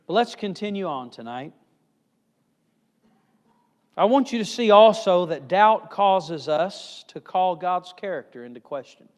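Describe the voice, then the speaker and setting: A male evangelist preaching a sermon with emphatic swings in pitch and loudness, recorded in a church hall. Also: animated, a little slow, pauses often. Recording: reverberant hall.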